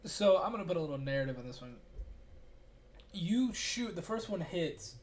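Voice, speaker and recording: A man's voice: high voice, lively intonation, normal speed, slight background noise. A man narrating as game master in a casual, easygoing way.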